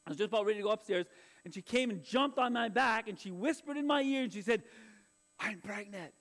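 A man's voice: high voice, fast, fairly bright tone. A middle-aged male pastor preaching a sermon in an earnest, confessional way, often restarting his phrases.

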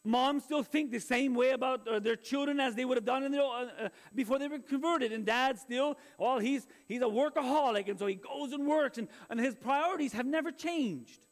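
A man's voice: very high voice, moderate pace, few pauses. A middle-aged male pastor preaching a sermon in an earnest, confessional way, often restarting his phrases.

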